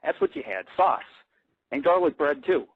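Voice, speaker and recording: A man's voice: a little high, lively intonation, moderate pace, gravelly, slightly rough, phone-quality sound. A man hosting an internet radio show, rambling bluntly and swearing constantly in a casual monologue. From grew up in an Italian-American family.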